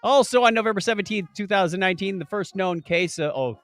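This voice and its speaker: A man's voice: high-pitched, quick pace, a bit bright, no echo, soft background music. A man co-hosting a casual podcast, reading history notes and joking at his own slips. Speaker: podcast co-host.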